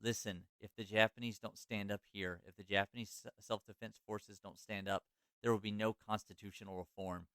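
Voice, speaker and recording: A man reading aloud, dramatically, as a middle-aged male author haranguing soldiers from a balcony; his voice is low and smooth. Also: fairly even intonation, fairly quick, a bit bright, no room sound, studio quality. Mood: declaiming. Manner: dramatic, declaiming read.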